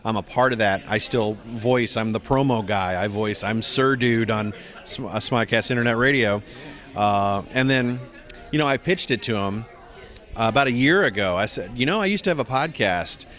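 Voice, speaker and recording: A middle-aged man, a voice actor, chatting in a convention interview and acting out quoted lines with big swings in his voice. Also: moderate pace. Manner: animated storyteller, acts out quotes with big pitch jumps. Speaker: voice actor guest.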